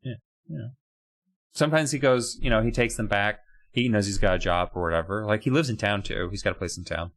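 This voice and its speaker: A man's voice: lowish voice, brisk, fairly bright tone. A young man co-hosting a podcast, riffing in casual comedic chat, rambling and profane. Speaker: podcast co-host.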